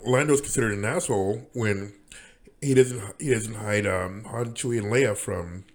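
A man's voice: lowish voice, darkish tone. A man rambling through a casual monologue as podcast host, with many restarts and fillers.

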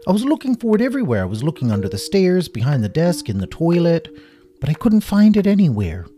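A man's voice: on the high side, fast talker, faint music behind, voice pushed up. A man voicing a goofy, always-hungry male toy dog in a storybook tale. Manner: goofy, excitable.

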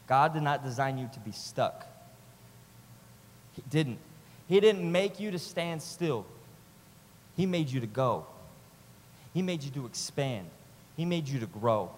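A man preaching a sermon with passion, swinging between loud urging and quiet, close moments, using repetitive rhythmic phrasing. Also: mid-range voice, big pitch swings, measured pace, pauses often. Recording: long hall reverb.

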